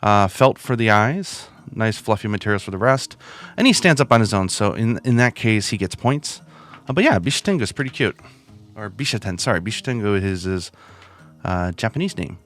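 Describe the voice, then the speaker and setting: A man's voice: fairly low pitch, expressive, a little fast, fairly bright tone, soft background music. A man hosting a video and reviewing plush toys in a chatty, casual way, with lots of asides. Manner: chatty, with many fillers and asides.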